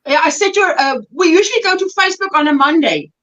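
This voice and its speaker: A woman's voice: very high voice, fast, a bit bright, lo-fi sound. An older woman with a South African accent, hosting a casual live chat, laughing often and reading viewer comments aloud. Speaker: livestream host.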